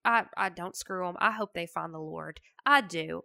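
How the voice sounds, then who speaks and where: Gravelly bright woman podcaster. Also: fairly low pitch, normal speed. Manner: chatty, emphatic, folksy. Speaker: podcast host. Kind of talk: motivational podcast monologue.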